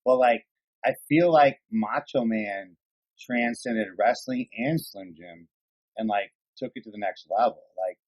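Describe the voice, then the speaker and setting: A man co-hosting a podcast, chatting casually, rambling excitedly and swearing often. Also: mid-range voice, a little slow, rough recording. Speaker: podcast co-host. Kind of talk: casual chat.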